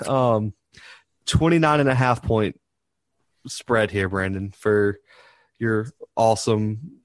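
A man's voice: fairly low pitch, no room sound. Guy cohosting a sports pod, teasing, laughs a lot, dry close mic. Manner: animated, teasing, quick to laugh. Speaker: podcast co-host. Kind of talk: casual sports chat.

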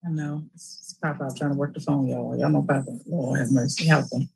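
A woman hosting a casual livestream chat, animated and emotional, breaking into loud shouts. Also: extremely low pitch, fairly quick, creaky, husky, poor audio. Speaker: livestream host and aunt.

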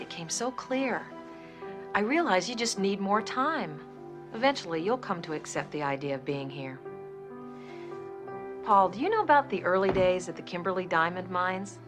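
An actress playing a middle-aged woman who holds a man captive, speaking in a soft, eerily calm and coaxing way. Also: fairly low pitch, natural voice. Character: calm obsessive female captor-nurse, middle-aged. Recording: film clip with music behind.

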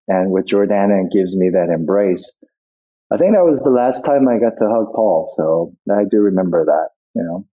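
Husky-voiced man on a tinny line. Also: on the low side. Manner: rambling, reflective, many restarts. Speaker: guest actor. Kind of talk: casual interview.

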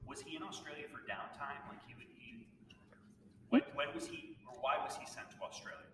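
A man's voice: a little high, big pitch swings, fairly quick. A man moderating questions after a presentation, casual and thinking aloud. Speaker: event moderator. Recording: echoey hall, distant mic, audible noise.

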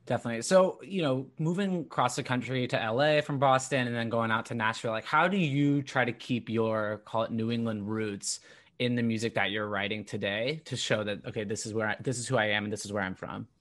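A man interviewing a musician, asking long, relaxed, rambling questions with fillers. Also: mid-range voice, a little fast. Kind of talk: casual interview.

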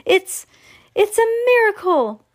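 A woman's voice: mid-range voice, a little slow, fairly bright tone. A woman voicing an enthusiastic old grandfather who exclaims in wonder. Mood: amazed.

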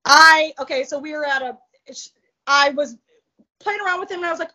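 An interview guest with a high voice speaks briskly with frequent pauses in a bright, forceful tone while telling a personal story. The casual interview is slightly muffled, and she comes across as blunt, profane and highly animated.

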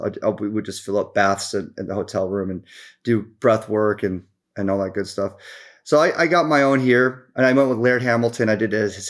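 A man as a podcast guest in casual chat, rambling through stories with restarts and fillers and acting out what people said. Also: on the low side. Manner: animated storyteller, acts out quotes.

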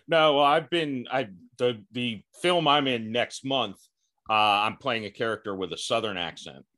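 Man, podcast host, mid-pitched voice, chatty, quick to laugh. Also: sharp tone. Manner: chatty, laughs often between thoughts. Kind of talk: casual interview chat.

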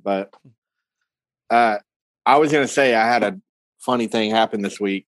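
A man's voice: lowish voice, normal speed, dry recording. A man telling a story in a casual podcast chat, laughing often and swearing freely as he acts out his own reactions. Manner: laughing, animated retelling, profane. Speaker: podcast co-host.

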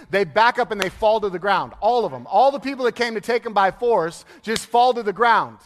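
Lively high-voiced preacher in a reverberant hall. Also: male voice, fairly quick, few pauses. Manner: lively, laughing storyteller acting out quotes. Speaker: pastor. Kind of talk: sermon.

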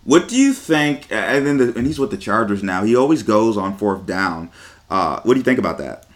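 A man's voice: fairly low pitch, sing-song, normal speed. A man hosting a casual interview, asking short, laid-back questions.

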